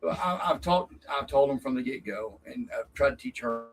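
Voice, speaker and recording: A middle-aged man, a racing dad telling stories in a casual, animated way and acting out quotes. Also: normal speed, creaky, poor audio. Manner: animated, acts out quotes with rising pitch. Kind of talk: casual storytelling.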